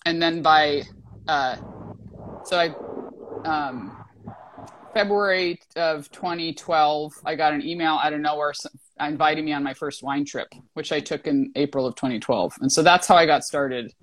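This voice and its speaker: A woman wine writer telling her story in a casual interview over a video call, animated, with many restarts. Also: deep voice, normal speed, low-quality recording. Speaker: wine writer and illustrator, guest.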